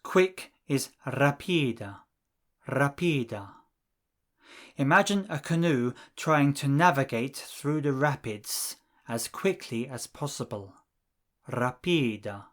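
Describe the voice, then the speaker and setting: A man narrating a language lesson, slow and deliberate, spelling out words for learners. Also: mid-range voice. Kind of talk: scripted instructional narration.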